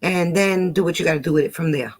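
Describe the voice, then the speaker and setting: An older woman from New York with a New York accent, chatting casually as a guest, talking fast and playfully and laughing often. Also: lowish voice. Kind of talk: casual chat.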